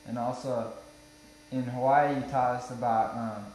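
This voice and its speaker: Guy in the audience asking questions, halting, mid pitch, far from the mic, echoey room. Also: fairly even intonation, darkish tone, slight background noise.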